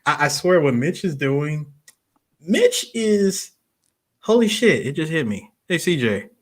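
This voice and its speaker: A man co-hosting a podcast in casual chat, excitable and profane as he riffs with his friends. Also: a little high, a little slow. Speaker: podcast co-host.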